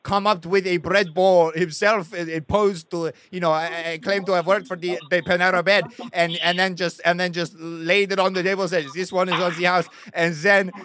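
A man's voice: high-pitched, flat delivery, sharp tone. A man putting on a vaguely French accent as a rambling, sick caller in a prank phone call, stammering through fillers. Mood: aggrieved. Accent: put-on French. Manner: halting, full of stammers and fillers.

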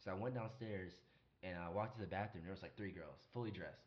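A man's voice: deep voice, quick pace. A young man hosting a casual chat, telling crude stories and acting out quotes with lots of swearing. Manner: animated, swearing, acts out quotes loudly. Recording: dull lo-fi sound.

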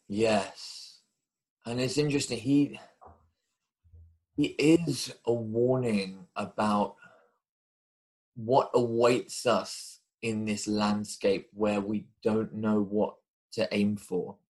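A man hosting a podcast, reflecting in a measured way and pausing to find his words. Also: lowish voice, steady tone, a little mellow, poor audio. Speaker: podcast host. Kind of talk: casual intellectual conversation.

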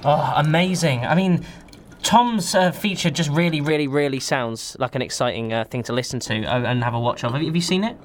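A woman's voice: deep voice, fairly quick, a little hiss or hum. A woman co-hosting a live event show, chatty and enthusiastic. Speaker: studio co-host.

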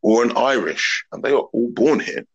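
A man's voice: medium pitch, lively intonation, normal speed, husky, muffled recording. A man, a podcast guest talking openly and earnestly in long reflective thoughts. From England. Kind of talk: open casual conversation.

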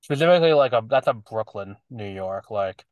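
A man's voice: fairly low pitch, lively intonation, normal speed, no room sound, lo-fi sound. A man with a slight lisp co-hosting a podcast, rambling and restarting his sentences in casual chat. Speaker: podcast co-host.

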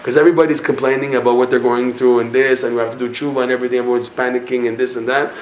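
A man teaching a Torah class, telling stories with lively energy and slipping in Hebrew and Yiddish words. His voice sits at an ordinary middle pitch. The room is echoey, with a faint hum of ambience behind him. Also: racing. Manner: animated storytelling, mixing Hebrew and Yiddish terms, laughs at punchlines. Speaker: Breslov teacher.

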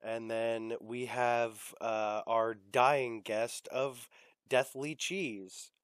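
A man's voice: mid-range voice, steady tone, drawn-out words, no room sound. A young man hosting a casual podcast chat, rambling with fillers and the odd swear word. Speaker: podcast host.

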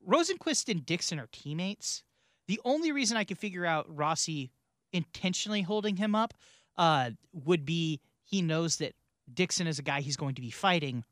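A man co-hosting a relaxed podcast, talking loosely and laughing easily as he goes. His voice sits a little high. The sound is close and dry. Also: no room sound. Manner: chatty, laughs often, trails off and restarts. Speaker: podcast co-host. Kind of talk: casual chat.

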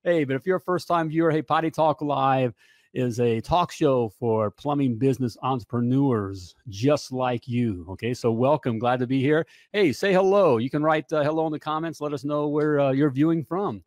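A man's voice: mid-range voice, normal speed, darkish tone, no room sound, clean studio sound. A man in his fifties hosting a live talk show, talking with pumped-up energy and constant "hey" and "all right" asides.

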